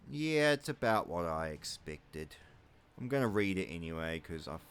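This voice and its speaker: A man from New Zealand talking his way through a strategy game in a casual let's-play. His voice sits very low but swings up and down a lot as he rambles, dropping wry asides and muttering his menu picks under his breath. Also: big pitch swings, moderate pace, fairly bright tone, smooth. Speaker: gaming YouTuber.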